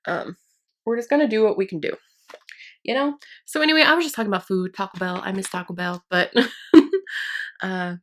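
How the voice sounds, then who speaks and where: A woman's voice: medium pitch, normal speed, long pauses, fairly bright tone. A young woman chatting casually to her viewers while doing her makeup, rambling and upbeat. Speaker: beauty YouTuber. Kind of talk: casual get-ready-with-me chat.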